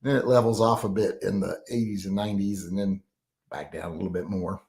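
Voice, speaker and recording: A man hosting a casual live chat, reading out viewer comments and rambling between them with frequent fillers and throat clearing. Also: low voice, fairly even intonation, brisk, a little mellow.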